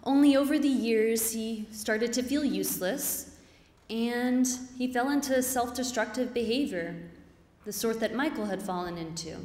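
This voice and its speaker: A woman's voice: a little high, darkish tone. A woman giving an earnest, reflective personal story on stage before a live audience. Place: stage in a hall. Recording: reverberant hall.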